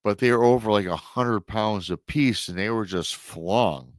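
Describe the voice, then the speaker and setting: Reading a listener's emailed story aloud, a male podcast host narrates dramatically and tosses in emotional asides. His pitch is fairly low and his delivery a little slow. There's no echo, and the audio is studio quality.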